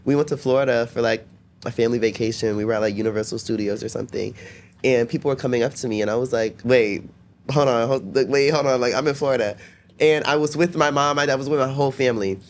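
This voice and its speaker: A young man guesting on a podcast tells casual stories at a quick pace in a mid-range voice, with a little hiss or hum in the audio. He's chatty, constantly says "like," and acts out what people said.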